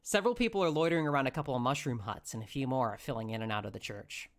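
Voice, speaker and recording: A man's voice: mid-range voice, racing, fairly bright tone, slight background noise. A man hosting a let's play, reading game narration aloud and breaking off to joke. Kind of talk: narrating a visual novel aloud.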